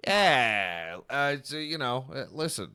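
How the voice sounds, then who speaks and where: A middle-aged man hosting a comedic solo podcast, rowdy and jokey, swinging between shouting and mumbling. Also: mid-range voice, sing-song, unhurried, clear, resonant tone. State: out of breath. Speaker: podcast host.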